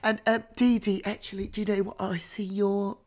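A woman hosting a comedy podcast, playing a psychic with theatrical calls and hushed whispers. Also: mid-range voice, level tone, moderate pace, crowd noise. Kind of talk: improvised comedy psychic reading.

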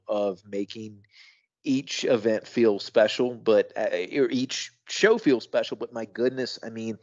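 A man talks wrestling on a podcast, casual and thoughtful, often restarting his sentences before landing an emphatic point. His voice sits at a middle pitch. The recording is dry and close, with a dull, lo-fi sound. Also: darkish tone, no room sound. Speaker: podcast co-host.

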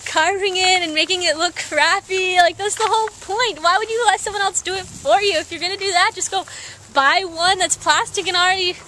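A woman's voice: very high voice, fairly even intonation, a little fast, bright, forceful tone, slight background noise. A young woman vlogging casually at a zoo and a craft store, joking around and narrating in silly voices. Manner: goofy, jokey narration with silly put-on voices. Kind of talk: casual vlog chat.

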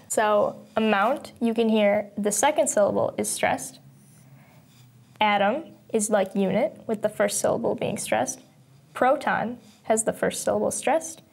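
A young woman teaching an English lesson, explaining patiently step by step and sounding out words slowly. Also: medium pitch, vocal fry, warm tone. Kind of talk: recorded lesson narration.

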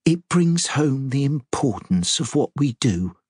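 A man's voice: mid-range voice, sing-song, measured pace, a little mellow, husky, no room sound, studio quality, pitched above the performer's own voice. A man voicing a young policeman, earnest and matter-of-fact.

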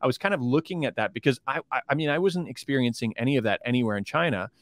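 Fast-talking man, rambling political commentator. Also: mid-range voice, no room sound, studio quality. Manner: fast, rambling, with many restarts and fillers. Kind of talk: podcast interview. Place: based in China.

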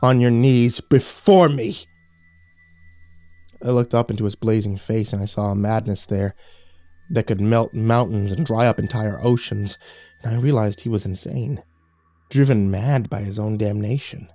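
Dark-voiced man narrating horror. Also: lowish voice, fairly even intonation, no room sound. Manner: dramatic, slow and drawn out.

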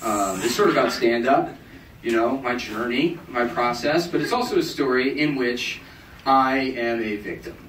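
A man in his thirties telling a self-mocking, deadpan stand-up story, acting out other people's voices. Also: mid-range voice, moderate pace, far from the mic. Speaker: stand-up comedian. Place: live music club stage. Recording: roomy crowd bootleg from afar, noisy. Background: audience laughter.

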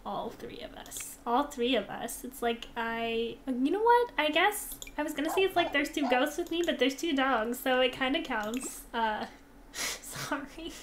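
High-voiced young woman gushing over her game, unhurried, little whispers here and there. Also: a little hiss or hum. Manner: excitable, gushing, swings to soft whispers. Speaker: gaming channel host. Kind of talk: casual gameplay commentary.

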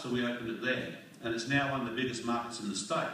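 Blunt Australian man, public speech, tense bright delivery, distant mic in a roomy hall. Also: medium pitch, fast, few pauses, slight background noise. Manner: fired-up, blunt, rhetorical questions, mild swearing. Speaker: speaker at a community forum. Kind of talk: rousing political speech. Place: community hall. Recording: echoey hall recorded from far off.

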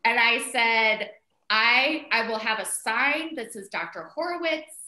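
A middle-aged woman telling a story in casual conversation, animated and chatty, full of "like" and "um" fillers as she quotes herself. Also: fairly high pitch, unhurried. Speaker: interview guest, mother of the co-founder. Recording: roomy echo.

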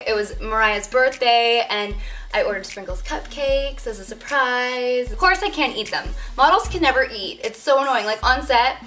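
A woman's voice: fairly high pitch, moderate pace. Bubbly young woman vlogging over music. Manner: bubbly, full of fillers. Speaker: YouTuber. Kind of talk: casual vlog.

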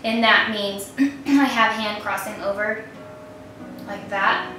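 A woman harp teacher explaining arpeggio practice step by step in a calm voice while she plays. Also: medium pitch, takes it slowly, distant mic, faint music behind. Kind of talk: instrumental lesson demonstration. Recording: roomy echo, voice from off mic, harp playing.

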